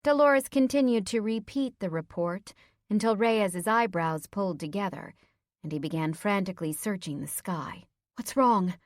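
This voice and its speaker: A woman's voice: mid-range voice, moderate pace, no echo. Close, dry woman audiobook narrator. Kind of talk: first-person audiobook narration.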